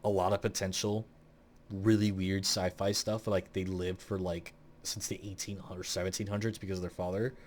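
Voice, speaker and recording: A man's voice: deep voice, flat delivery, a little fast, a little mellow, a little hiss or hum. A young man hosting a casual tier-list video, rambling through blunt opinions with plenty of swearing. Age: young adult. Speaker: gaming video host.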